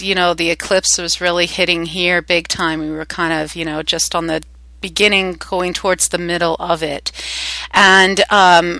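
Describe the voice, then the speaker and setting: A Canadian-accented woman hosts a spiritual talk with a bright, clear-toned voice. She rambles gently, filling pauses with plenty of uhs and ums. The sound is dry and close, with no room echo. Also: on the low side. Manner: rambling, many filler sounds. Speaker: spiritual host.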